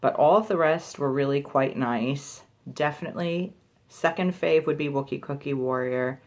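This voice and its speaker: A woman's voice: sits low, normal speed, a little mellow. A woman talking casually in a product review vlog, chatty and full of filler words.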